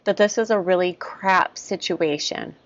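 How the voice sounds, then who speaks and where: A woman guiding an EFT tapping session, repeating short first-person statements about stress in a steady rhythm. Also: on the low side, unhurried, no room sound. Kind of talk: guided tapping, spoken affirmations. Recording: dull lo-fi sound, dry.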